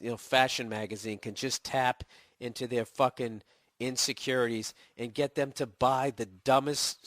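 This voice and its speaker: A man in his forties with a Boston accent hosts a podcast, answering listener emails in a profane, sarcastic rant with mocking impressions while recovering from a cold. His medium-pitched, fairly bright voice is recorded dry with clean studio sound.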